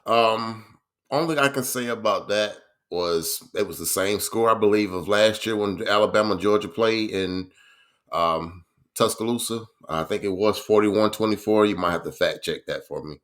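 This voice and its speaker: A man in a sports talk show speaks slowly and haltingly. His voice sits fairly low, and he leans on frequent fillers between thoughts. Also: a bit bright. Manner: slow and hesitant, many fillers. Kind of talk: casual sports chat.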